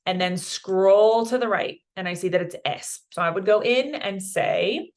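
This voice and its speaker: A woman's voice: medium pitch, measured pace. A woman from Colorado teaching a beginner Spanish lesson online, chatty and encouraging, dropping Spanish words into her explanations. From Colorado, USA.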